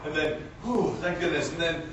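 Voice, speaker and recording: A man, a voice actor, chatting with fans on a convention panel, telling stories and breaking into loud screams and character voices. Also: a little high, moderate pace. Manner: animated, breaks into screams and voices mid-story. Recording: echoey hall, distant mic, loud crowd noise.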